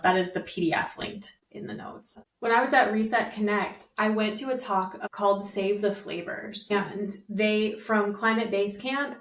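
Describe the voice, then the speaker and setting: A young woman co-hosting a podcast, talking in an animated, chatty way with plenty of fillers. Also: medium pitch. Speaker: podcast co-host. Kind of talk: casual chat. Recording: roomy, slightly distant mic.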